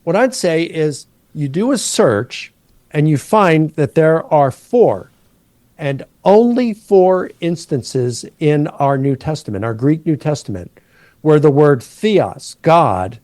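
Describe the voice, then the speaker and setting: A man's voice: fairly high pitch, lively intonation, a little mellow, no echo. Man patiently explaining Greek grammar. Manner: patient, explanatory, slows down to stress key words. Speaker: New Testament professor.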